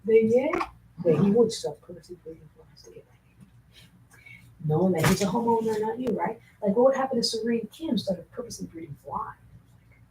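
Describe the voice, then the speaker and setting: A woman's voice: on the high side, expressive, a little fast, mellow, a little hiss or hum, low-quality recording. A woman vlogger chatting casually to the camera, rambling, joking and swearing. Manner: rambling, jokey, profane. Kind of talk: casual vlog chat to camera.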